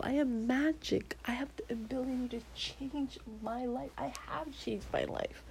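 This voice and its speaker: A woman's voice: a little high, vocal fry, warm tone, a little hiss or hum, rough recording. A young woman vlogger talking earnestly about her personal goals, often dropping into a half-whisper as she repeats affirmations to herself. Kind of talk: personal goal-setting talk to camera.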